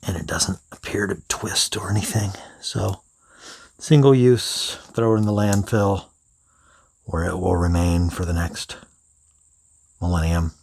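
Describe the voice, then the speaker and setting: A man reviewing pens in an unhurried, thinking-aloud way, now and then dropping into soft whispered asides. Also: low-pitched, gravelly, husky. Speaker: pen reviewer. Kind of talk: unscripted product review.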